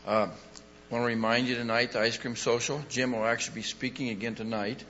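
A pastor giving announcements and a closing prayer, halting with frequent pauses and restarts. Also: male voice, mid-range voice, steady tone, fairly bright tone, slight background noise. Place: church sanctuary. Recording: dull lo-fi recording in a reverberant church.

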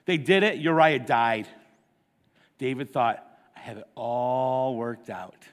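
A man's voice: mid-range voice, takes it slowly, long reverb tail. A man preaching a sermon, retelling a story casually with asides to his listeners. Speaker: pastor.

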